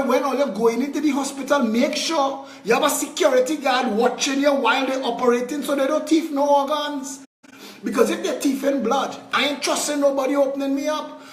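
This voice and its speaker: A man's voice: very high voice, fairly quick, roomy sound, far from the mic. A Trinidadian man giving a fiery political speech, blunt and angry, throwing crude insults. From Trinidad and Tobago.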